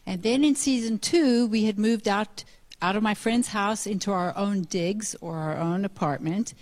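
A woman giving an earnest missionary testimony in church, pausing as she follows slides. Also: medium pitch, a little mellow. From South Africa. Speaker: missionary speaker. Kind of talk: sermon testimony.

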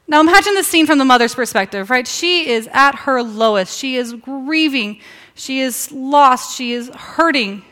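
A woman pastor preaching a sermon, telling a Bible story with emphatic pauses and rhetorical questions. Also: sits high, fairly bright tone.

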